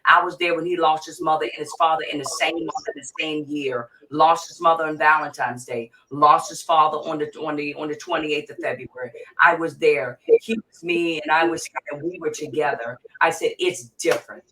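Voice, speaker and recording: A woman's voice: sits low, fairly even intonation, normal speed, hardly any pauses, pushed and bright. A middle-aged woman, a mental health therapist, speaking as an interview guest in an emphatic, repetitive and impassioned way. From Virginia, USA. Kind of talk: emotional interview talk. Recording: distant mic with faint noise.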